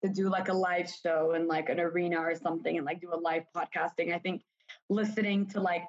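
A young woman podcast co-host who gushes and packs her talk with "like". Her voice is a touch husky, and the video call audio sounds dull and lo-fi. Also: on the low side, level tone, brisk. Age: young adult. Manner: gushing, with constant "like"s. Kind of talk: casual chat on a video call.

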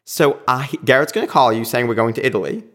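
A man recounting a personal story in a relaxed, chatty way. His voice sits at an ordinary middle pitch. He jumps into voicing the people in his tale with plenty of energy. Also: fast. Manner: animated, acts out quoted lines. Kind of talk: casual anecdote telling.

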